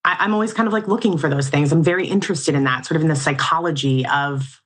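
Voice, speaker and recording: A woman's voice: sits low, fast. A woman in her forties, a guest in a casual interview, talking in an earnest, reflective and slightly emotional way. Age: 40s.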